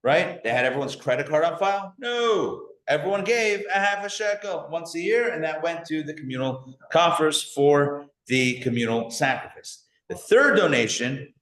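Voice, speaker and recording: A man teaching a live class as a rabbi, animated, asking the audience questions and joking along the way. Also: fairly high pitch, moderate pace, few pauses. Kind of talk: lively live lecture. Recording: echoey room.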